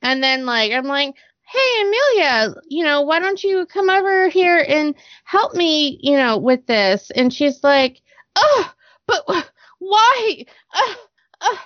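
A blunt, swearing woman in her thirties chats casually on a podcast, her voice sitting a bit high. The sound is dry and somewhat dull, with no room around it. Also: unhurried, dry recording. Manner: blunt and profane, quotes herself in animated voices. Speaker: podcast co-host. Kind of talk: casual chat.

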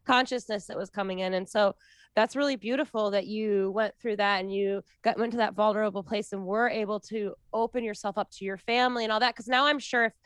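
A woman in her thirties with a smooth, resonant voice talks in a relaxed, earnest way about spiritual ideas. She rambles and breaks off sentences to start again. The sound is dry and close. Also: mid-range voice, a little fast, no echo. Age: 30s. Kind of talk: casual chat.

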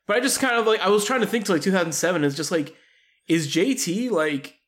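A man's voice: high voice, lively intonation, quick pace, fairly bright tone. A man co-hosting a podcast in casual chat, hesitant, leaning on "like" and trailing off. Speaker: podcast co-host.

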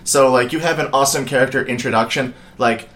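A man co-hosting a loose podcast conversation, his voice sitting at an everyday middle pitch. He rambles through his thoughts with plenty of swearing and laughter, sounding mentally worn out. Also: fairly even intonation, fast talker, a bit bright. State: mentally exhausted. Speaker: podcast co-host. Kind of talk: casual podcast chat.

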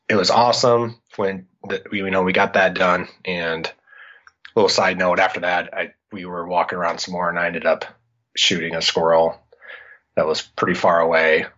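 A middle-aged man from Iowa, a podcast guest, telling a story in casual chat and acting out what he said back then. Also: low voice. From Iowa, United States. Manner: animated, acts out his own past lines. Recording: dull lo-fi audio.

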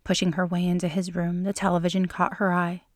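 Lower-voiced woman reading a story. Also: monotone, fairly quick, dry recording, clean studio sound. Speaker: fan fiction reader. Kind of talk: scripted story narration.

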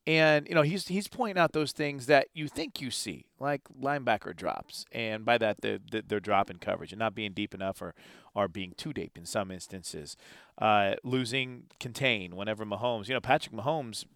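A man's voice: on the low side, normal speed, creaky, fairly bright tone, dry recording, clean studio sound. A man co-hosting a sports talk show, chatting casually about a football game, often stammering and restarting his thoughts.

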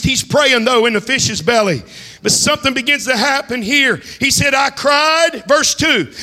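Pastor, male, fiery shouted sermon, bright tense tone, chanting cadence. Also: very high-pitched. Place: church hall. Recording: reverberant church hall.

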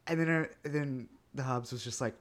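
A man's voice: medium pitch, normal speed. A man co-hosting a casual chat podcast, answering with short dry quips. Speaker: podcast co-host.

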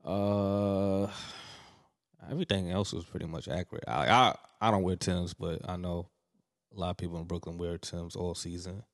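Laid-back man, low voice, slangy podcast banter. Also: fairly even intonation, normal speed, in a large hall. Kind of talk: casual podcast chat.

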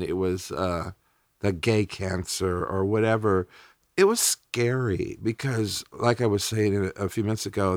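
Candid middle-aged man, low dry voice. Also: fairly bright tone, no echo. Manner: candid and emotional, blunt language. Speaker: interview guest. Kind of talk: personal storytelling in a podcast interview.

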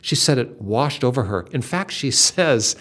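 A man's voice: medium pitch, lively intonation, unhurried, a bit bright. An older man hosting a Christian talk, earnestly retelling a story with dramatic emphasis. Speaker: Christian podcast host.

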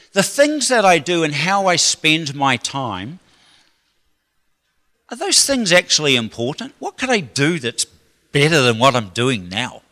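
Chatty preacher in a reverberant hall. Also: male voice, fairly high pitch, bright, forceful tone. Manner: chatty, rambling, joking asides. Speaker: pastor. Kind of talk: sermon.

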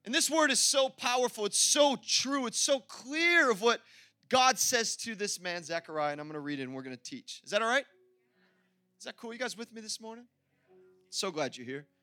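Male pastor, energetic sermon delivery with playful asides; high, sharp voice. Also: normal speed, dry recording.

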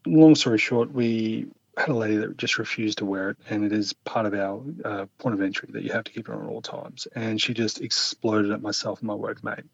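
A man speaking as an interview guest, telling a personal story in a calm, earnest, reflective way. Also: lowish voice, fairly quick, gravelly, husky, dry recording, dull audio.

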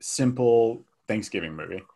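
A man's voice: fairly low pitch, unhurried, vocal fry, dark tone. A man co-hosting a film review podcast, chatting casually and hesitantly, with lots of fillers and restarts. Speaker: podcast co-host.

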